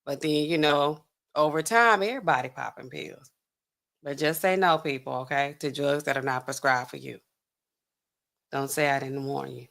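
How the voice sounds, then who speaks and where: A woman's voice: sits low, moderate pace, creaky, a bit bright. Woman, pharmacist host, casual commentary, chatty, talks to viewers. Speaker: pharmacist host reacting to news. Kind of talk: casual commentary over a news clip.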